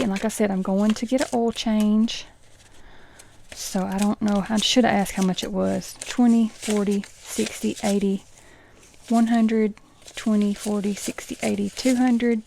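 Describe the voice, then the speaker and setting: A middle-aged woman chats casually as she counts cash out loud, sometimes dropping into a soft whisper. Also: mid-range voice, fairly even intonation, a little slow, vocal fry, slight background noise. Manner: counts bills aloud, chatty asides, dips into soft whispers. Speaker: budgeting vlogger.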